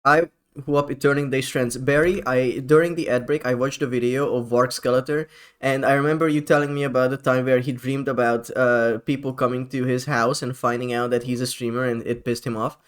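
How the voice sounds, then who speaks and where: A man's voice: medium pitch, fairly even intonation, a little fast, clear, resonant tone. Rambling, profane male streamer. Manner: rambling and profane, with frequent laughs. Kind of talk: casual live-stream chat.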